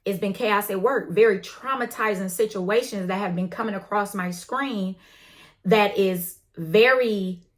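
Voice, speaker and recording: A woman's voice: medium pitch, unhurried. A woman telling a story to her viewers in a casual, slangy way, swearing now and then and talking to them as y'all. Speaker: tarot channel host.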